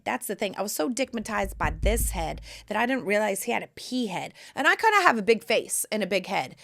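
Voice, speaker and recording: A brash, profane woman hosts her own podcast and spins candid stories straight into the mic. Her voice has a gravelly rasp, and her pitch leaps wildly from low mutters to high squeals. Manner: brash, profane, animated storyteller. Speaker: podcast host. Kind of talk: candid storytelling monologue.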